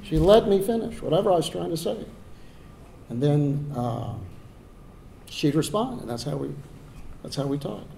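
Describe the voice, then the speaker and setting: A man's voice: on the high side, animated, moderate pace, creaky, pauses often, dark tone, slight background noise. An older man with a Texan accent giving a heartfelt dedication speech from prepared remarks, sometimes repeating words as he restarts a phrase. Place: ceremony hall.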